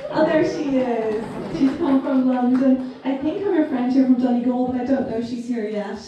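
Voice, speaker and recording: A woman giving a warm, emotional launch speech to a crowd, laughing often and poking fun at herself. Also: high-pitched, normal speed, muffled recording, background noise. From Ireland. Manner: laughing, self-deprecating, fond of asides. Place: large hall in a castle. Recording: very echoey hall, voice far from the mic, crowd in the background.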